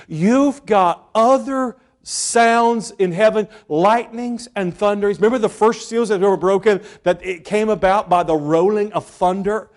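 A middle-aged male pastor preaching a sermon, telling stories with sudden swings from loud bursts to hushed asides. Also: sits high.

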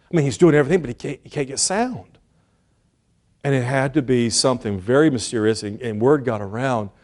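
A man preaching a sermon with animated emphasis, dropping to hushed asides and acting out the people he quotes. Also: medium pitch. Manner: acts out quoted speakers in lively voices.

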